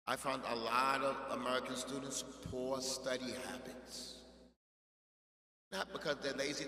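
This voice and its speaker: Emphatic preacher man in an echoey hall. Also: medium pitch. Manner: emphatic, swings between loud exhortation and quiet asides. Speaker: imam giving a Friday sermon. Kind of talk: sermon. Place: mosque prayer hall.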